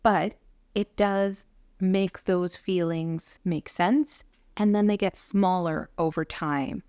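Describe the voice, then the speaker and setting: A woman speaking candidly and earnestly to camera about healing, in a gently encouraging personal vlog. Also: lowish voice, fairly even intonation, slow, smooth, no room sound, clean studio sound. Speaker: vlogger sharing concussion recovery. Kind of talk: personal reflective talk to camera.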